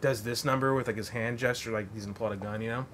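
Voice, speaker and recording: A man's voice: medium pitch, steady tone, very fast, fairly bright tone, slight background noise. A man hosting a podcast, telling a long story in a rambling, profane way full of fillers. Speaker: podcast host. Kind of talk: casual storytelling.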